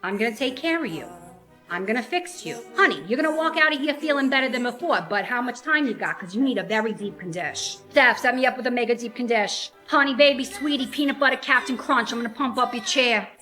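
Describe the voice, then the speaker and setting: A woman's voice: on the high side, animated, fast talker, pushed and bright, faint music behind. A woman playing a sassy, doting hair salon owner who pep-talks her client and showers her with pet names. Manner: gushing, pep-talking, full of pet names. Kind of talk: comedy sketch acting.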